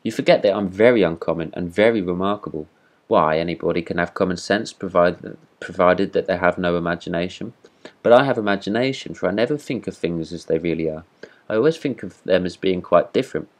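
A man's voice: low-pitched, brisk. A man voicing a pompous, vain talking firework rocket in a read-aloud storybook, haughty and indignant. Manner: haughty, self-important, indignant.

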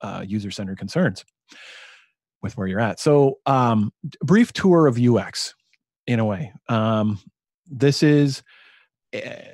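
A man's voice: medium pitch, animated, takes it slowly, pauses often, darkish tone, dry recording, clean studio sound. A man co-hosting a podcast in casual chat, thinking aloud and getting enthusiastic about ideas. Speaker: podcast co-host.

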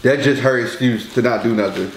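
A man's voice: medium pitch, a little fast, reverberant, a little hiss or hum, poor audio. A man co-hosting a casual eating vlog, talking in a laid-back, rambling way and teasing his partner. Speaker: vlogger co-host. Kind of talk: casual mukbang vlog chat.

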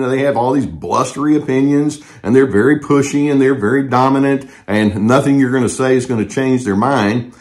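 An older man and therapist giving calm, measured advice to the camera, with frequent fillers and restarts. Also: mid-range voice. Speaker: therapist and channel host.

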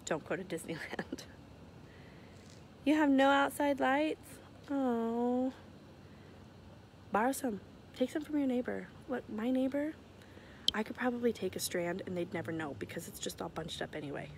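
A woman's voice: on the high side, animated, moderate pace, gravelly, pauses often, slight background noise. Chatty giggly woman on a phone live stream. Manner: chatty, giggly, self-deprecating. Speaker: livestream host announcing charity winners. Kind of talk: casual live-stream chat. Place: outdoors near her house at night, walking around. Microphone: phone held at arm's length.

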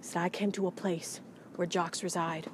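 A young woman filming herself outdoors at a rainy baseball field, rambling and swearing, her voice jumping from loud outbursts to near whispers. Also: fairly low pitch, flat delivery, moderate pace, a little hiss or hum. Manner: profane, rambling, swings from shouting to whispering. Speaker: vlogger. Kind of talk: rambling comedic vlog monologue.

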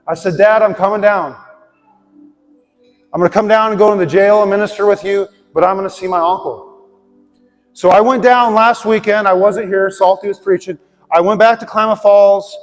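A man preaching from the pulpit with a high, ringing voice. He tells his story in an earnest, heartfelt way. The church hall adds a long reverb, with soft music underneath. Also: steady tone, normal speed. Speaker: pastor. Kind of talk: sermon with personal story and prayer. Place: church sanctuary.

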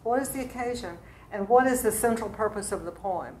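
A woman's voice: medium pitch, brisk, a little mellow, a little hiss or hum. A woman teaching an adult class in a church classroom, lecturing in a chatty way with fillers and asides to her students. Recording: roomy classroom recording.

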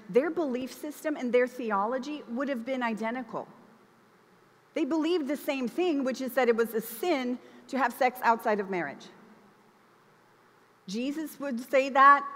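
Young woman preacher, fairly high voice, chatty and animated, long church reverb. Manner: conversational, expressive, acts out quotes. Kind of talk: sermon. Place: church hall.

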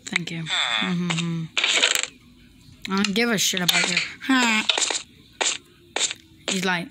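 Woman playing minecraft, unhurried and swearing a lot, chatting at the villagers, loud noise and clicks behind her. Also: fairly low pitch. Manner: chatty, profane, talks to the game characters. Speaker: gaming video host. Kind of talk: casual Minecraft let's play commentary.

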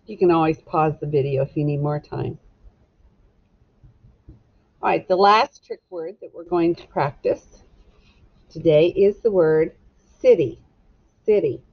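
A woman teacher giving a recorded phonics lesson to children, slowly sounding out letters and words in a clear, encouraging way. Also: low-pitched, dull audio.

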